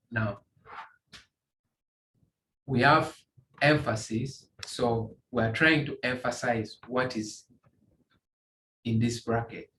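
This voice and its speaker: A man teaching a beginner's coding tutorial, walking through screen examples in a halting way, often repeating and restarting phrases. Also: medium pitch, steady tone, pushed and bright. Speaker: tutorial instructor. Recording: echoey room, faint ambient noise.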